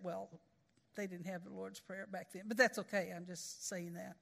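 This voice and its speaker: A woman's voice: mid-range voice, fairly even intonation, moderate pace, creaky, in a large hall. A woman preaching a sermon in a folksy, conversational way, with storytelling asides.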